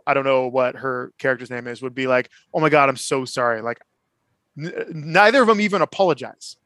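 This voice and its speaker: A man co-hosting a casual TV recap podcast, retelling scenes with lively bits of acted dialogue. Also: on the high side, dry recording. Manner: animated retelling, acts out characters' lines. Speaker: podcast co-host.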